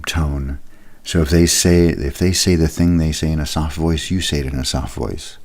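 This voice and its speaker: A man's voice: rumbling low, a little mellow. A man giving a recorded leadership lesson, explaining exercises in a conversational way with occasional fillers. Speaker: leadership trainer.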